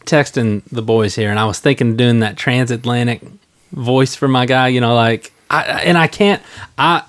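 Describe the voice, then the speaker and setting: Stammering, animated man on a podcast. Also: medium pitch, moderate pace. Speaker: podcast co-host. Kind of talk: casual group chat about a tabletop game.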